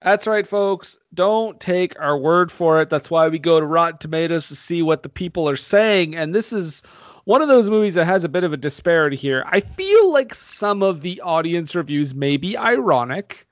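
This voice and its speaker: Guy hosting a movie podcast, kinda high voice, lo-fi sound, laughs a bunch. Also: expressive, normal speed, no room sound. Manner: laughs often, reads reviews aloud. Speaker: podcast host. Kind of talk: casual movie podcast chat.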